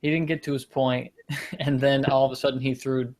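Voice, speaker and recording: A man's voice: mid-range voice, flat delivery, moderate pace, a little mellow. Rambling joking man hosting a show. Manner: rambling, self-deprecating, loses his point. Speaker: podcast host. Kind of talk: casual comedic banter.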